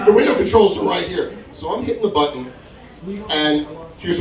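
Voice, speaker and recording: At a comedy club open mic, a man briskly tells a stand-up story, animatedly acting out the people he quotes with big leaps in pitch. The echoey room is picked up by a distant mic, and the crowd can be heard laughing.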